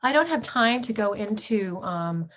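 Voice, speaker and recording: A middle-aged woman, a history professor, giving a lecture with slides, pausing often on ums and restarting her sentences. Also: medium pitch, lively intonation, fairly bright tone. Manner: halting, frequent ums and restarts.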